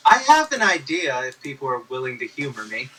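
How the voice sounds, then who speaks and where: A man's voice: medium pitch, very animated, fairly quick, sharp tone, breathy edge, distant mic, poor audio. A man playing a tabletop game, thinking aloud in a casual, self-deprecating way. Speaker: player.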